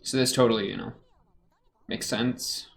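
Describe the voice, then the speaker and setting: A man's voice: fairly low pitch, moderate pace, vocal fry. A young man hosting an anime reaction video, talking casually and joking in muttered asides as he watches.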